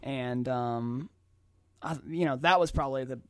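A man's voice: mid-range voice, measured pace, fairly bright tone. A young man chatting casually as a podcast co-host, rambling through a TV episode with lots of fillers and restarts. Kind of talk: casual chat reviewing a TV episode.

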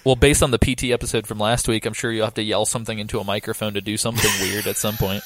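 A man's voice: on the low side, little pitch movement, very fast, background noise. A man hosting a casual podcast, running through news in a jokey, rambling way with lots of fillers. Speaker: podcast host.

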